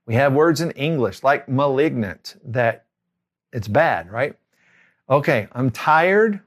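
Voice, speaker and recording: Language tutor, man, middle-aged, slow steady delivery, repeats every word twice. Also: medium pitch. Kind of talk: spoken language lesson.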